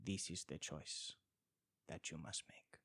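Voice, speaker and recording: A grand, mournful mock-Italian man, put on by a man in an exaggerated fake Italian accent. The voice is low and drawn out, every line stretched slowly for drama. It sounds close and dry. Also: pushed and bright, breathy edge, dry recording, exaggerated voice. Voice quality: slow, theatrical, drawn-out delivery.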